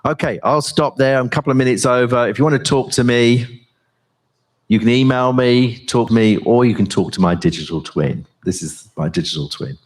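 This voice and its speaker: An older man, a professor, giving a conference talk and then chatting onstage, with halting speech full of fillers and restarts. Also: medium pitch. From England.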